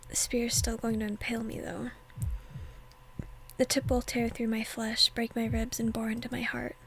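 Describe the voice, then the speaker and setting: A woman reading a teenage boy's inner monologue from a visual novel in a hushed, whispery voice, bitter and defiant. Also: on the high side, completely flat delivery, moderate pace, gravelly, a little hiss or hum. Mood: angry. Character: teenage boy hero facing death, angry.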